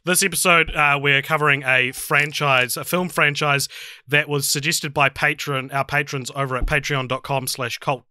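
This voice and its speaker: A man co-hosting a casual podcast, his voice very bright and sharp. He rambles and teases with dry jokes, recorded close and dry with no room sound. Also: fairly high pitch, steady tone, moderate pace, no room sound. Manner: joking, rambling, dry teasing. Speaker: podcast co-host.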